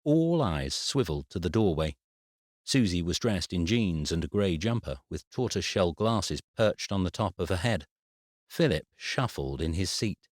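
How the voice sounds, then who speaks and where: Deep-voiced British male narrator. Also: lively intonation, moderate pace, no echo, studio quality. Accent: British English. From England. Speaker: audiobook narrator. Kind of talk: scripted narration.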